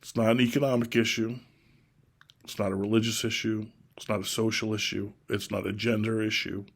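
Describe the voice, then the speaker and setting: A middle-aged man from Oregon giving a slow, deliberate, repetitive solo monologue about his political views. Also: on the low side, level tone. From Oregon, USA. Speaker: self-styled presidential candidate.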